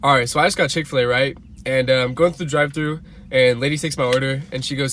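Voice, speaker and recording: A man casually telling a funny anecdote to camera in an incredulous, animated way. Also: mid-range voice, fast.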